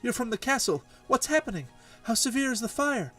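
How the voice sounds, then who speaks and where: A man's voice: very high voice, sing-song, a little fast, a bit bright, distant mic, faint music behind, voice pushed up, full character voice. A man voicing a proud young plainswoman warrior in a game, earnest and urgent.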